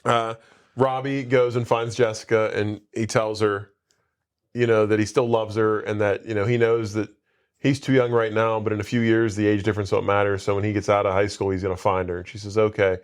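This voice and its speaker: Speaking a little fast in a fairly low, clean voice with a flat delivery, this male podcast co-host rambles through a casual movie recap. His retelling of the plot is full of tangents and quoted dialogue.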